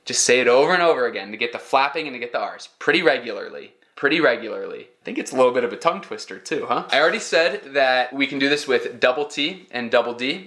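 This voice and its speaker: Bright-voiced American man teaching pronunciation. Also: mid-range voice. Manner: upbeat, explains slowly and repeats example words. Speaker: English teacher. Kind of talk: pronunciation lesson to camera.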